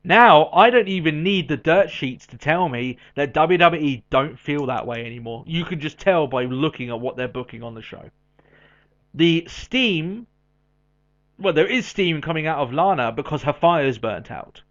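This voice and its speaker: Lively podcast man, dull lo-fi sound. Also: a little high. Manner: animated, quick asides, laughs often. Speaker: podcast co-host. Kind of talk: casual chat. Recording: dull lo-fi audio.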